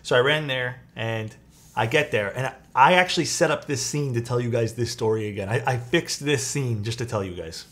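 A man's voice: medium pitch, a little fast, hardly any pauses. A young man, a streamer casually telling his chat a story and acting out the people in it. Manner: animated, acts out quoted people. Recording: faint music behind.

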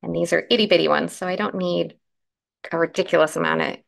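Female craft host, croaky morning voice, friendly step-by-step live demo. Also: lowish voice, quick pace. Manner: chatty, explains steps while working, answers comments.

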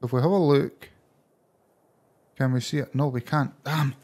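A man with a Scottish accent giving excitable let's-play commentary as he plays, breaking into surprised exclamations. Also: medium pitch, normal speed. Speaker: gaming channel host.

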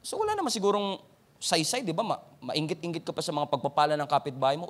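A man's voice: high-pitched, big pitch swings, rapid-fire. A man with a Filipino accent preaching a sermon, talking conversationally and often turning to his listeners with questions and calls to action.

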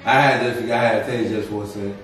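A man's voice: lowish voice, flat delivery, quick pace, a bit bright, recorded from a distance, slight background noise. A young man co-hosting a casual food review, joking and teasing in loose slang. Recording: echoey room, voice from off the mic.

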